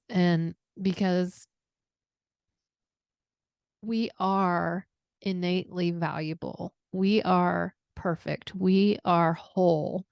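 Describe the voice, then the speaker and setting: A woman's voice: on the low side, creaky, a little mellow, smooth, no echo, clean studio sound. A woman hosting a wellness podcast, talking in an earnest, reflective way and moved by what she says. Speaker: podcast host. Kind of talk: heartfelt conversational interview.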